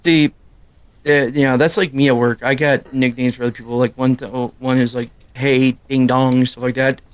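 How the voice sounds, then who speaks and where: A middle-aged man chatting casually on a live stream, loud and quick, rambling from story to story. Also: medium pitch, flat delivery, no room sound, dull audio. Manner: loud, fast-talking, rambling. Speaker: streamer co-host. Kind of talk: casual chat.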